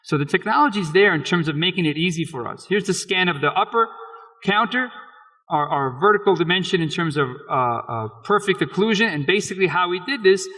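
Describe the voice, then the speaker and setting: A man's voice: sits high, lively intonation, fairly quick, pushed and bright. A man presenting dental case slides at a conference lecture, speaking in a conversational, frank way with frequent restarts. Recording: long reverb of a lecture hall.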